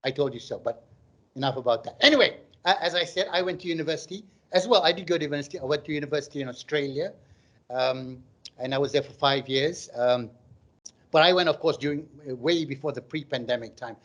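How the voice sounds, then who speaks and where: A man's voice: on the high side, fast talker, fairly bright tone, lo-fi sound. A middle-aged man doing stand-up comedy on a live online stream. He chats and jokes and reads out viewers' comments. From Malaysia.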